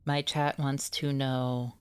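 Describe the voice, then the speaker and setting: A woman streamer in pain and low on energy, rambling casually with her chat and swearing now and then. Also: level tone, takes it slowly, darkish tone, clean tone, no room sound.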